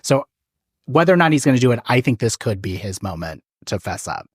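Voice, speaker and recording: A man who is a podcast guest gives his take in a relaxed, wry way, thinking out loud before he lands a joke. His voice sits at a middling pitch, and the room sounds dry and close. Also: fairly quick, husky, no echo. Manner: thoughtful, wry, gives opinions. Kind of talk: casual chat.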